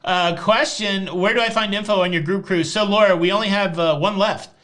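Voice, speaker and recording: Southern guy from tennessee hosting a live cruise show, highish bright voice, jokey and teasing. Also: brisk. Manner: joking and teasing, deadpan jokes. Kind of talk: casual live-stream chat answering viewer questions.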